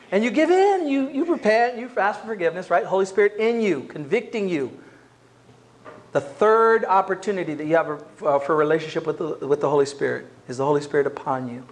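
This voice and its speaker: A man with a notably high voice preaches a sermon as a pastor. He speaks to his congregation in a relaxed, conversational way rather than a formal one. His delivery is lively and direct. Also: fairly quick. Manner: conversational, acts out quoted voices. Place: church.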